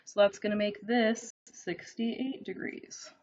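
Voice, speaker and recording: A woman's voice: medium pitch, fairly even intonation, slow pace, darkish tone, slight background noise. A woman teaching a math lesson from her notes, checking in with frequent "okay?"s as she writes and explains. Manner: talks while writing, frequent "okay?" check-ins. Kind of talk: classroom video lesson, working through notes. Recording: slightly dull, lo-fi recording.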